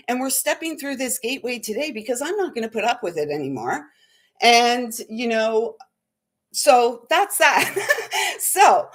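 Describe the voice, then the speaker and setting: A woman's voice: on the high side, breathy edge. A woman hosting a spiritual talk, rambling with many fillers in an earnest, slightly shaken way. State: shaky, unsettled. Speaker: spiritual channel host. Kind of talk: casual spiritual livestream talk.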